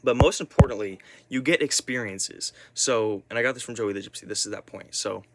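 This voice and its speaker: A man's voice: lowish voice, a little fast, background noise. A young man rambling intensely in a casual vlog, swearing often and restarting his sentences. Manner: intense, profane, restless, many restarts. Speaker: vlogger.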